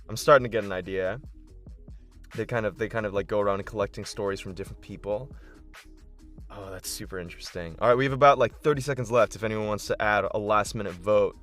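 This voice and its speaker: A man game master on a casual live stream, excitable and thinking aloud with lots of fillers. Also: on the low side.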